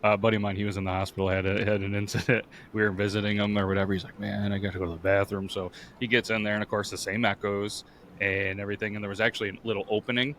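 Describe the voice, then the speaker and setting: A man's voice: fairly low pitch, flat delivery, very fast, a bit bright, a little hiss or hum. A man hosting a podcast in casual, crude banter, joking and laughing often as he tells stories. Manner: joking, laughs a lot, acts out quoted voices. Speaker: podcast host.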